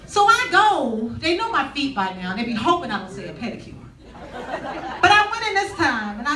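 Stand-up woman comic, high and animated, live audience noise around her. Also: fairly quick. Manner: sassy, conversational, teases the audience. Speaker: comedian. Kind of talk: stand-up comedy set. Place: stage before a live audience in a large hall. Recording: echoey hall with crowd noise, mic at a distance.

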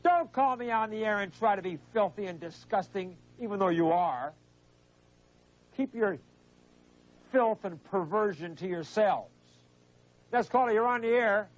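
Man, call-in radio host, high voice, indignant scolding, dull lo-fi sound. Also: expressive, measured pace, long pauses. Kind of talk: call-in radio talk show. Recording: dull lo-fi broadcast audio.

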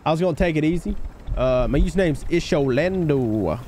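High-pitched guy streaming a shooter, chill chat then loud hype shoutouts to chat, faint noise. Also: animated, a little fast. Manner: hyped shout-outs to chat, voice jumping high on greetings; laid-back, easygoing talk between shout-outs. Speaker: live game streamer. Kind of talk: casual live-stream chat over gameplay.

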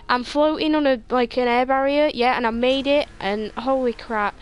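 This young woman gamer's voice is high, clear and resonant, with fairly even intonation, normal speed and few pauses. She comments live on online races while talking with friends on voice chat, quick to frustration and prone to repeating words when pressured.

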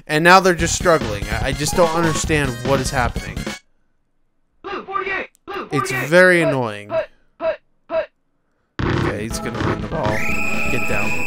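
Brief: young male let's-player, lively up-and-down delivery, slightly high voice, video game music behind. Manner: excitable, grows frustrated and shouts at the game. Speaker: let's play gamer. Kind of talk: casual gameplay commentary.

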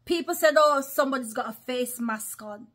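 In her online vlog, this preacher offers religious commentary at a moderate pace, her voice sitting high and a touch bright. She's emphatic, frequently addressing listeners as brothers and sisters.

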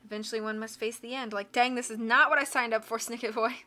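A woman reading a book aloud on a live stream, with expressive narration and casual asides to her chat. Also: a little high, fast.

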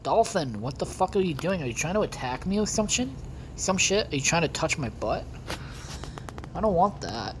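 A woman's voice: lowish voice, sing-song, normal speed, a little hiss or hum. A woman casually commenting on her own gameplay for viewers, rambling and swearing often. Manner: foul-mouthed, rambling, talks to viewers. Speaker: gaming video host. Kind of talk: casual let's-play commentary.

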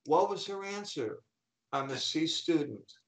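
A middle-aged man, a coach and speaker, telling animated anecdotes in an interview and acting out the people he quotes. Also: on the high side, measured pace, low-quality recording. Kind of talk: storytelling in an interview.

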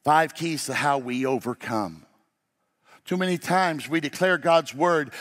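A male pastor preaching a sermon, swinging from loud, emphatic declarations to hushed, low passages. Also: big pitch swings, measured pace. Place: large church sanctuary. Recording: long hall reverb.

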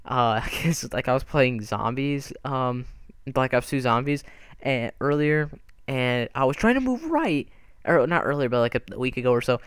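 A young man provides let's play commentary on a story game, reacting frantically to the action in an expressive, medium-pitched voice at normal speed. His tone is clean, picked up by a desk microphone, with game music playing underneath.

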